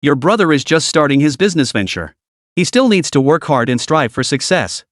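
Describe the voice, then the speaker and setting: A man voicing a gentle, generous young businesswoman in a storybook reading. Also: fairly high pitch, very animated, fairly quick, no echo, studio quality.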